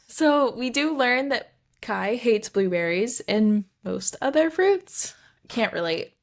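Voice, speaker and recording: A woman's voice: a little high, animated, slow. A young woman co-hosting a casual book podcast, chatty and rambling, sometimes tripping over her words. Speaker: podcast co-host. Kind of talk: casual book-discussion chat.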